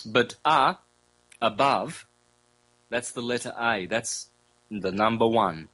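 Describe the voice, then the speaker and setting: A man, a guest in an interview, explaining at length in a loose conversational way, often repeating himself and sounding out vowels slowly. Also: mid-range voice, bright, forceful tone, low-quality recording. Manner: loose, conversational, with fillers and self-corrections.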